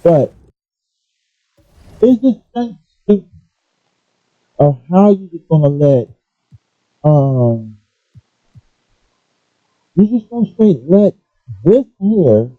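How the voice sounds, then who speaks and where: A man ranting casually about gaming and pausing often to apologize for his language. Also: a little high, no room sound. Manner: animated, apologetic asides, restarts. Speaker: gaming commentator. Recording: dull lo-fi, dry.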